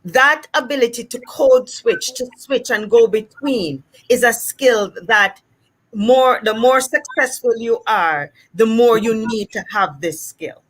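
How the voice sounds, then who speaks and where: A woman from Jamaica with a Jamaican accent, a speech-language pathologist explaining things in a casual, animated way and acting out examples. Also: on the high side, takes it slowly. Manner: animated, acts out examples in different voices.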